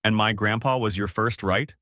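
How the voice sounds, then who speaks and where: A man's voice: on the low side, fairly even intonation, normal speed, sharp tone, dry recording, studio quality. Goku, a cheery young fighter, voiced by a man.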